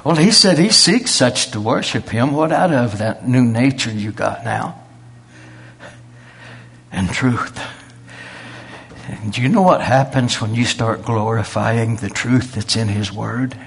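A man's voice: mid-range voice, measured pace, gravelly, pauses often, a bit bright. A man, preaching a sermon in a folksy storytelling way. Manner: folksy storytelling with quoted voices.

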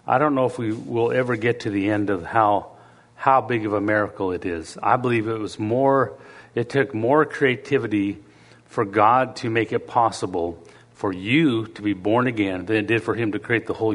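A man's voice: medium pitch, big-room sound. A middle-aged man preaching a sermon in a church, talking in a conversational way and asking the congregation questions.

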